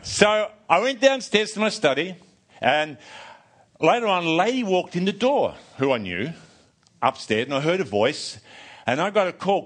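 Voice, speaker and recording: An older man preaching a sermon, telling a personal story in an animated way, often restarting and repeating words. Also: fairly high pitch, a little slow.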